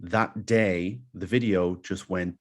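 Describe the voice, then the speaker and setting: A young Irish man, a comedian guest, telling animated anecdotes in a casual podcast chat. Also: low-pitched, slow. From Ireland.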